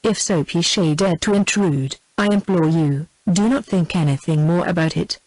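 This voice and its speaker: A lowish, British-accented female text-to-speech voice narrates a book at a moderate pace, reading evenly like a machine and pronouncing "comma" as a word. There's no room sound, though the recording quality is low.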